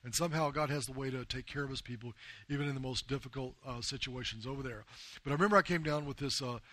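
Fast, bright-voiced missionary man. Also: mid-range voice, no echo. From United States. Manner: earnest storytelling, often addressing the listeners as "guys". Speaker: missionary speaking to a men's group. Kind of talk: personal testimony talk.

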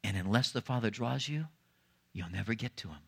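Man preaching an animated sermon. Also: a little fast, creaky, husky. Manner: animated preaching, swinging between soft low asides and raised emphatic lines. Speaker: pastor.

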